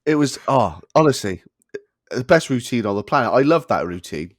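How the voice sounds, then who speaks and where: A man's voice: mid-range voice, sing-song, normal speed, no echo, studio quality. A young man co-hosting a podcast in casual chat, laughing often as he tells stories. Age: young adult. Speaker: podcast co-host.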